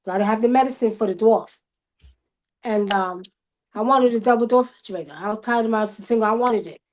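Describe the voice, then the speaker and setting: A woman, telling stories casually on a video call livestream, animated, loudly acting out the quotes. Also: a little high, brisk. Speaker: guest.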